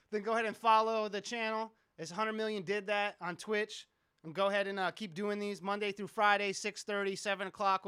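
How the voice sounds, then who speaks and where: A man's voice: sits high, bright, forceful tone, clean tone, no echo, studio quality. A man who produces music, hosting a casual live stream, rambling, joking and swearing a lot. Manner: profane, rambling, joking with chat.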